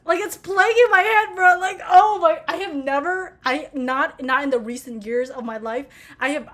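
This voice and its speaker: A young woman vlogging in a casual, excitable rant, gushing and swearing freely. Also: high-pitched.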